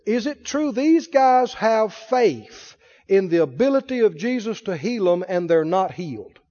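High-voiced man preaching a sermon. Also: sing-song, dark tone. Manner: asks the congregation rapid questions. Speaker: pastor. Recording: dull recording in a reverberant hall.

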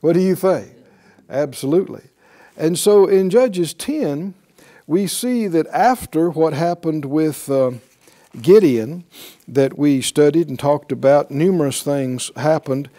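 Male pastor, middle-aged, sermon, slow deliberate delivery, warm mellow tone, rhetorical questions. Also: on the high side, expressive. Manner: emphatic preaching with rhetorical questions.

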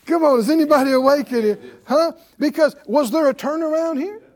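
A man's voice: extremely high pitch, brisk. A man preaching a sermon in a conversational way, calling out questions to the congregation.

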